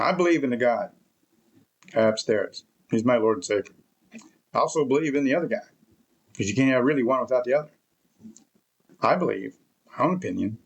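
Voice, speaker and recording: A man's voice: mid-range voice, slightly rough. A man giving a rambling, emphatic opinion monologue to camera, repeating his points often. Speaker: vlogger.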